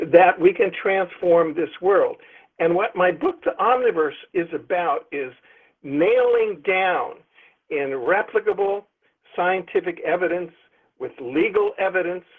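A middle-aged man, a book's author, talking in an expansive, emphatic way as a guest on a phone-in interview. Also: fairly high pitch. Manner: expansive, emphatic, visionary talk. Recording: tinny phone line.

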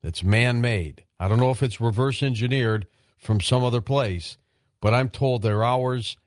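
A man's voice: medium pitch, unhurried, no echo. A man hosting a late-night call-in radio show, easygoing and curious, weighing his answers thoughtfully at a studio microphone. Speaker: radio talk show host.

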